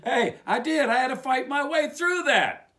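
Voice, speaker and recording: A man with a West Virginia accent delivers a loose, rambling sermon, peppering it with rhetorical questions. His voice sits high and bright and swings widely up and down, pushing hard on every point. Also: sing-song, normal speed. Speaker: preacher. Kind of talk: informal sermon monologue.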